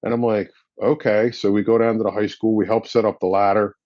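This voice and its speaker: Firefighter guest, blunt and casual, swears a lot, dry slightly dull podcast sound. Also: male voice, lowish voice, little pitch movement, quick pace, a little mellow, dry recording. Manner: blunt and profane, drops in slang. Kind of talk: casual storytelling.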